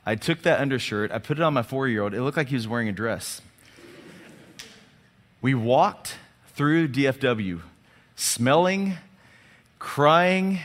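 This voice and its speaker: A man preaching a sermon as a lively storyteller who acts out the dialogue and often restarts and repeats his words. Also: medium pitch, measured pace, pauses often. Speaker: pastor. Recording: long hall reverb.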